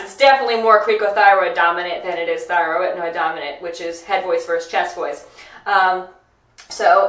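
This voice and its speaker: A woman's voice: medium pitch, fairly bright tone, reverberant, distant mic. A woman voice teacher reacting to a singing video in casual chat. She is enthusiastic and breaks into short sung demonstrations.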